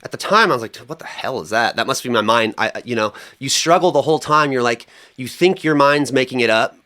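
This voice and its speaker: Animated young man telling a story. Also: mid-range voice, fast talker. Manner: animated, colloquial storytelling with many fillers. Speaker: podcast co-host. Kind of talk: casual chat.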